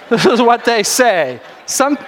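A man preaching a sermon to a congregation in a church sanctuary, talking fast and chatty, cutting himself off and restarting. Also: very high voice, sing-song, a bit bright, some chatter behind. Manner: fast, chatty and self-interrupting, often laughing. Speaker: pastor. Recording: long reverb of a large sanctuary.

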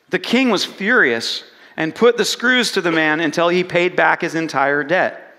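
High bright guy preaching, acts out the story, asks the crowd questions, long hall echo. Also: a little slow. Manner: animated storytelling, acts out quoted lines, asks the congregation questions. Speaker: pastor. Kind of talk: sermon.

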